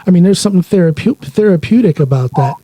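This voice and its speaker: A middle-aged man, a podcast host, talking earnestly in a casual conversation, often halting with fillers. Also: high-pitched, lively intonation, mellow, no echo. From rural Ohio, United States.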